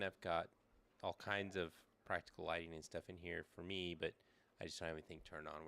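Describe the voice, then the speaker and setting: Middle-aged man, low gravelly casual streamer voice, easygoing ramble. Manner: rambling, relaxed, thinks aloud with fillers. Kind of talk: casual live-stream chat. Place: small backyard shed with air conditioner running. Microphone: desk microphone, sometimes leaning away.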